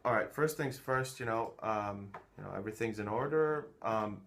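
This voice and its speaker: A man's voice: lowish voice, normal speed, vocal fry, a bit bright. A man giving a casual how-to walkthrough of his own workflow, thinking aloud with many fillers and restarts, recorded on a phone. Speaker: music producer showing his workflow.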